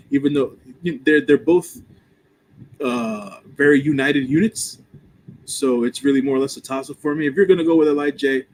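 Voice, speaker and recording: A man's voice: on the high side, creaky, slight background noise, poor audio. A man co-hosting a live stream in a laid-back, slangy way, with lots of ums and easy laughter. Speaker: podcast co-host. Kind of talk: casual live-stream chat.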